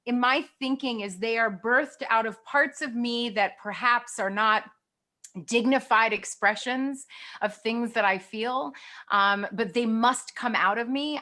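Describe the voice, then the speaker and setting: Middle-aged actress guest, bright and upper-register, expressive and quick to laugh. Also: female voice, a little high. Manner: lively, expressive, often laughing. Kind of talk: candid conversation.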